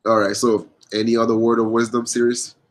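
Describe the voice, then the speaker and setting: A man hosts a casual podcast. He talks in a loose, rambling way and often restarts his sentences. His voice sits at an ordinary middle pitch. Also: level tone, fairly quick. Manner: rambling, with restarts and frequent laughs. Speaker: podcast host.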